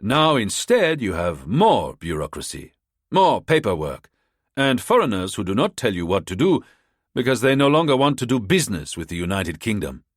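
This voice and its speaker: A man's voice: lowish voice, big pitch swings, moderate pace, dry recording, clean studio sound. A man voicing a world-weary, amused French diplomat in an audiobook, speaking wryly.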